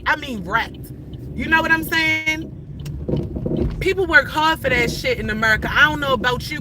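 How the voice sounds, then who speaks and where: A woman in her thirties with a fairly high voice livestreams while driving, with background noise audible. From inside her car she rants in a heated, profane, rambling way.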